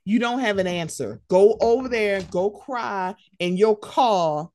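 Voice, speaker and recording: A woman co-hosting a podcast, ranting in heated casual commentary, animated and profane. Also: mid-range voice, unhurried, no echo.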